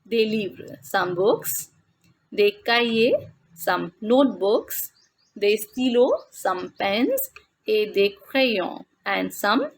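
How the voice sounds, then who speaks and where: Woman, French teacher, patient voice-over lesson for beginners; gravelly edge, mid pitch, deliberate pacing. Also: a little hiss or hum. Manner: slow and deliberate, repeats words in French then English. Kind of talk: explaining a textbook lesson.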